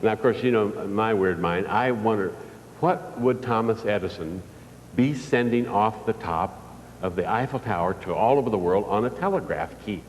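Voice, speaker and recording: A man's voice: fairly low pitch, moderate pace, slight background noise. Older man telling stories in a big hall. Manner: folksy storytelling with audience questions. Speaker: motivational speaker. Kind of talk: live motivational speech. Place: large hall before an audience. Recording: distant reverberant hall recording.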